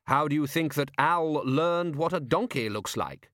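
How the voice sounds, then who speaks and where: A man voicing a calm, drily ironic male ruler in an audiobook. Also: a little high, measured pace, no echo, clean studio sound, voice pushed up. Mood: dry. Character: calm, dry-witted male city ruler in disguise.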